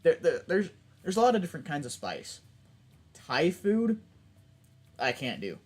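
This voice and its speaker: A man's voice: fairly high pitch, huge pitch swings, a little fast. Rambling young man gaming. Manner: rambling, self-interrupting, laughs often. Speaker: gaming YouTuber. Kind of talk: casual let's play chat.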